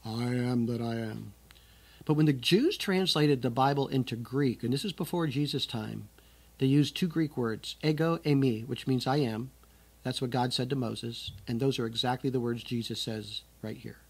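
A man's voice: mid-range voice, moderate pace, vocal fry, husky. A man teaching scripture, reading the verses aloud with strong emphasis and then explaining them in a conversational way. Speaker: Bible teacher.

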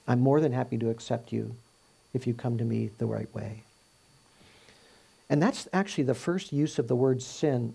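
A man's voice: medium pitch, creaky, dark tone, husky. A man giving a conversational Bible teaching, explaining scripture verse by verse and asking rhetorical questions.

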